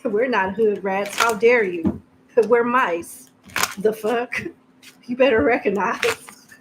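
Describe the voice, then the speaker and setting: A woman's voice: on the high side, takes it slowly, a little hiss or hum, low-quality recording. A woman voicing a delusional, snooty upscale man with a haughty, affected put-on accent. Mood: indignant.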